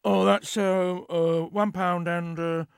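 Vague barber, sheepish and stumbling, full of ums; narrator voices him in a storybook. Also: male voice, sits high, little pitch movement, takes it slowly, gravelly, clean tone, no room sound, clean studio sound, exaggerated voice. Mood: hesitant. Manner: hesitant, stumbling, lots of ums.

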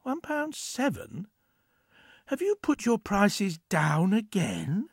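A man voicing a flustered young man who stammers and exclaims, pitched up from his narration. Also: sing-song, normal speed, gravelly, dry recording, clean studio sound, exaggerated voice. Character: flustered young British man, easily baffled.

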